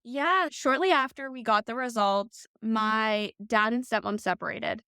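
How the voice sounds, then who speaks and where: Smooth-voiced woman in her twenties. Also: on the high side, measured pace, bright, forceful tone, no room sound, clean studio sound. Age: 20s. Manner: open, casual, frequent "like" fillers. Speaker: guest. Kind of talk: personal storytelling in interview.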